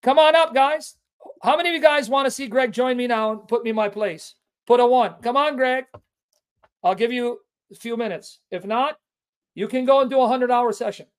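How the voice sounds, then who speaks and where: A man hosting a Christian apologetics livestream, combative and taunting, calling out an opponent and stressing phrases slowly. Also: extremely high pitch, smooth. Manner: emphatic, with drawn-out stressed phrases.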